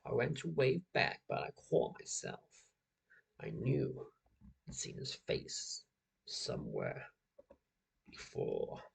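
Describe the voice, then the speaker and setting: A young man voicing a paranoid man who narrates his own horror tale in a put-on American accent, reading a creepypasta slowly and broodingly. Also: mid-range voice, wildly swooping pitch, vocal fry, husky, full character voice, rough recording. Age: young adult.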